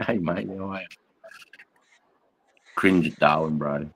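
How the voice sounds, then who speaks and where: A middle-aged Australian army veteran hosting a casual phone livestream, swearing freely, laughing and reading out viewer comments in blokey slang. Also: male voice, very deep voice, slow pace, pauses often, bright, forceful tone, low-quality recording.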